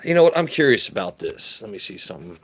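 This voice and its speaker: A man with a lowish voice hosts a relaxed whiskey livestream, riffing crudely and joking with his viewers. He talks off the cuff, swearing freely as he chats and pours. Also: quick pace, breathy edge. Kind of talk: casual livestream chat.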